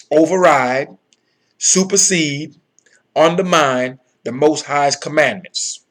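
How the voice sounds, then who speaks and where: A man's voice: medium pitch, a bit bright. Emphatic man teaching scripture. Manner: emphatic, repeats phrases, frequent "okay" and "all right". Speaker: Bible teacher. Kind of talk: scripture reading with commentary.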